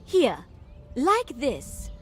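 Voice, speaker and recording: A woman's voice: high-pitched, huge pitch swings, drawn-out words, a bit bright, exaggerated voice. An actress playing a fussy, etiquette-obsessed noblewoman in a video game, speaking in an affected, genteel manner. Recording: game audio with music behind.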